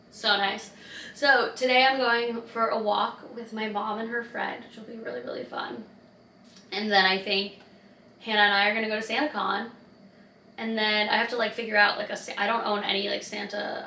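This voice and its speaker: Woman in her twenties, chatty vlogger, higher voice, roomy off-mic sound. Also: far from the mic, slight background noise. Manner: chatty, lots of "like", animated retelling. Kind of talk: casual vlog chat.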